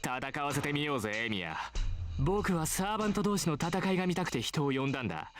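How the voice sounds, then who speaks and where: A man's voice: fairly high pitch, very animated, rapid-fire. An actor playing a cruel, arrogant teenage boy who taunts and looks down on everyone, in a voiced visual novel. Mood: taunting. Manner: taunting, condescending, theatrical. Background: game music.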